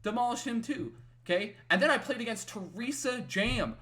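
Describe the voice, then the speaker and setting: A man co-hosting a podcast, telling a story casually with lots of fillers and tag questions, growing loud and excited when he retells his wins. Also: very high-pitched, moderate pace. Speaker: podcast co-host.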